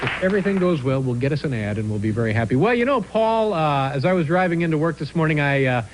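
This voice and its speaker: A man hosting a late-night talk show, dry and halting with many filler pauses. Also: fairly high pitch, sing-song, over a noisy crowd. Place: TV studio. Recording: hissy worn VHS tape.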